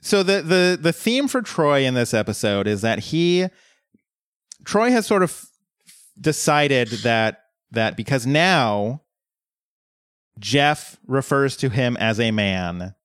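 A man's voice: medium pitch, big pitch swings, takes it slowly, a bit bright, smooth, dry recording, studio quality. A man from Colorado co-hosting a casual show recap, full of fillers and restarts, self-deprecating. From Colorado, USA. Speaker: podcast co-host. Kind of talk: casual episode recap chat.

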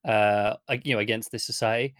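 A man co-hosting a podcast, talking in a measured, thoughtful and agreeable way during casual chat. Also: fairly low pitch, fairly even intonation, fairly bright tone, clear, resonant tone, no echo, clean studio sound. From United Kingdom. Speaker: podcast co-host.

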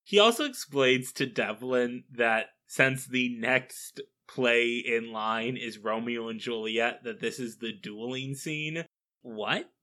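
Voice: mid-range voice, takes it slowly, bright, forceful tone. A podcast co-host recapping a film in casual chat, with dry, wry jokes.

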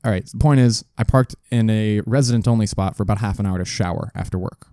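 A man's voice: fairly low pitch, fast, warm tone, no echo, studio quality. A man casually telling a rambling story on a podcast, swearing freely and correcting himself as he goes. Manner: rambling, profane, self-correcting. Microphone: studio desk mic.

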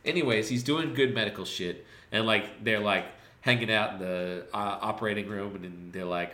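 Low bright-toned man rambling in an echoey room. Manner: rambling, profane, deadpan jokey retelling with quick voiced asides. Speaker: podcast co-host. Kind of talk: casual movie recap chat.

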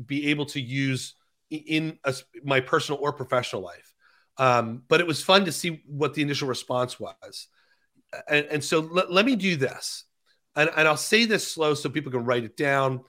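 A man co-hosting a conversational talk show, explaining ideas slowly and carefully with frequent restarts. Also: mid-range voice, fairly bright tone. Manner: talks slowly through key phrases, many restarts.

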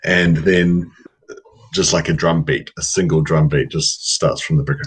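A man's voice: very deep voice, fairly even intonation, normal speed, slightly rough, soft background music, rough recording. A man narrating his tabletop game turn, rambling and hesitant with many fillers. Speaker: player.

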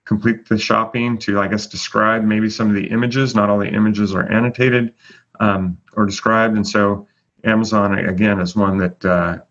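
A man's voice: lowish voice, flat delivery, moderate pace, fairly bright tone. A man hosting a casual chat, chatty and full of fillers as he announces rankings. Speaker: host. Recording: dull lo-fi audio.

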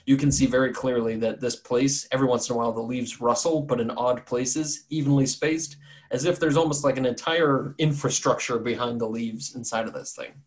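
A male game master describes scenes in a loose, rambling way, full of jokes and asides. His voice sits at an ordinary middle pitch. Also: fairly even intonation, fairly quick. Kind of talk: narrating a tabletop game.

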